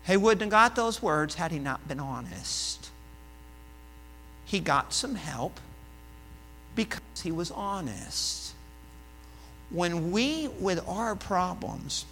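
In a church, a pastor gives a conversational sermon in a very high voice with a piercing brightness. He tells stories chattily, sinking to near-murmurs before rising to loud, emphatic lines. A long hall reverb sits over a steady electrical hum in the recording.

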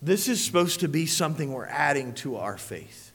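A man's voice: on the high side, very animated, moderate pace, slightly rough. Preaching man in a reverberant hall. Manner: preaching with big swings from hushed to shouting. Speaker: pastor. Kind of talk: sermon.

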